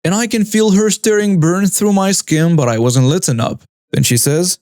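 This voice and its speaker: A man with a fairly high voice narrates a first-person story. His delivery is flat and even, like a script being read aloud. The recording is close and dry, with no room sound. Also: normal speed, hardly any pauses, no echo.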